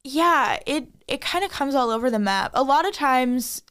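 Chatty higher-voiced woman musician guest. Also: lively intonation, moderate pace, a bit bright, clear, resonant tone. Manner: chatty, giggly, many hesitant fillers. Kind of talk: casual interview chat.

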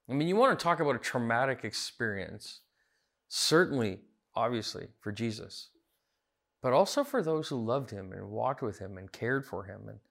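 A man's voice: mid-range voice, vocal fry, a bit bright. A man as pastor preaching a sermon, earnest, building to emphatic repeated phrases. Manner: earnest, rising emphatic repetitions.

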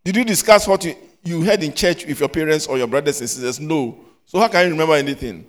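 A man teaching a church class, quizzing children and scolding them in an animated, loud questioning manner. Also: a little high, fast talker. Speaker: Sunday school teacher.

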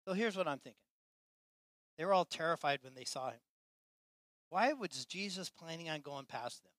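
Passionate pastor guy, bright sharp voice, goes loud then real soft, dry close sound. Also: a little high, expressive, normal speed, no room sound. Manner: impassioned, swinging from loud to soft. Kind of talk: sermon.

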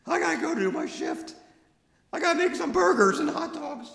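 A man voicing a jittery, excited teenage fast-food worker who gushes and gets flustered, heard in an echoey room. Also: vocal fry, full character voice. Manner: squeaky, gushing, flustered. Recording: echoey roomy recording.

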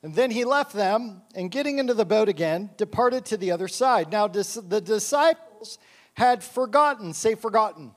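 A man's voice: high voice, lively intonation, moderate pace. A male pastor preaching a sermon and reading scripture aloud, fired up and impassioned.

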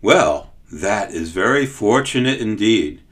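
A man doing a gruff palace servant. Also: lowish voice, expressive, slow pace, fairly bright tone. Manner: gruff and commanding. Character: rough, brusque male palace servant.

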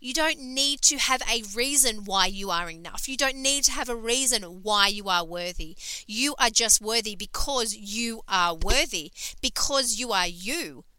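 A woman's voice: on the high side, lively intonation, a little slow, few pauses, bright, forceful tone, clear, resonant tone, dry recording, low-quality recording. A woman hosting a podcast, talking in an emphatic, sweary, casual motivational monologue full of fillers. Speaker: podcast host and coach.

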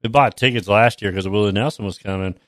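A man's voice: lowish voice, fast, a bit bright, dry recording, studio quality. A man chatting casually on a stream, swearing a lot and laughing often. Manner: laughs often, crude and drawling. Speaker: stream co-host. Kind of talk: casual profane chat.

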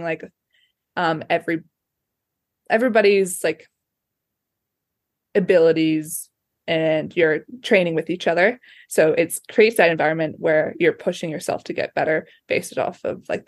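Young woman, low dry voice. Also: no room sound. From Australia. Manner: chatty, many fillers and restarts. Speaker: ski racer guest. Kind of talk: casual interview chat.

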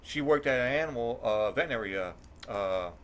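A middle-aged man hosting a podcast, telling an animated story in casual chat, swearing and acting out quotes in a raised voice. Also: mid-range voice, brisk. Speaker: podcast host.

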